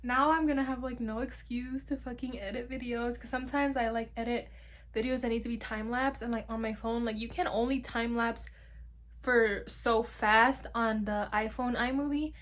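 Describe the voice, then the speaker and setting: A woman's voice: a little high, steady tone, moderate pace, fairly bright tone. A young woman vlogger unboxing on camera, giddy and giggly, with casual swearing. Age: young adult. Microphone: camera filming hands, face off screen.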